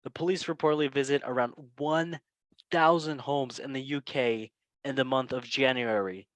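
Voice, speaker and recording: A man's voice: medium pitch, fairly even intonation, moderate pace, a bit bright, dry recording. Guy hosting football chat, joking around, dry close sound. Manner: joking, chatty, laughs at own lines. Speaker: podcast host. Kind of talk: casual football news chat.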